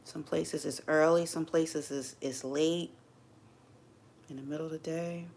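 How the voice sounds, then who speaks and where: Gravelly-voiced woman chatting on a livestream. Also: sits low, steady tone, measured pace, darkish tone. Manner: candid, rambling, openly emotional. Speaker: livestream host. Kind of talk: casual livestream chat. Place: home streaming setup under bright lights.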